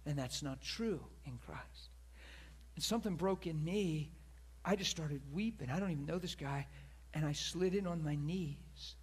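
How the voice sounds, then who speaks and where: Male preacher, husky and higher-pitched, animated sermon storyteller who drops into whispers. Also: a little slow. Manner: animated storyteller, acts out quoted voices, drops to soft whisper at emotional moments.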